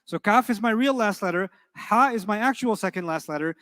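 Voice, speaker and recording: A man teaching an Arabic grammar class, quizzing his students with quick rhetorical questions in a playful, teasing way. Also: high voice, expressive, fairly bright tone, long reverb tail.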